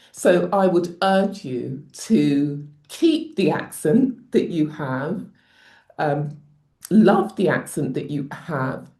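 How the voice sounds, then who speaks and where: A woman with a non-posh British accent, an advocacy trainer giving measured, emphatic advice to camera. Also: low voice, warm tone, roomy sound. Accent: non-posh British English. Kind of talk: teaching talk to camera.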